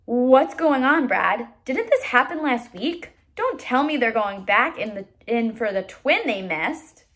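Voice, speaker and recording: A woman's voice: fairly high pitch, sing-song, a little slow, fairly bright tone. A woman reading aloud voices a chatty male soldier who jokes with his comrade. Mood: teasing.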